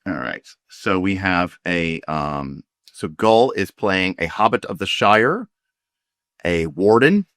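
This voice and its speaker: Rambling low-voiced man running a tabletop game. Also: very animated, slow, fairly bright tone, no room sound, studio quality. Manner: rambling, many fillers and restarts. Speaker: game master. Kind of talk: casual tabletop game chat.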